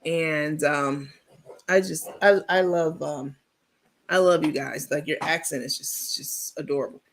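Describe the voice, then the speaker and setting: A woman's voice: sits low, steady tone, unhurried, a little hiss or hum. Sassy woman host, casual gossip commentary, blunt and profane, rambles with fillers. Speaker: host of a reality TV gossip stream.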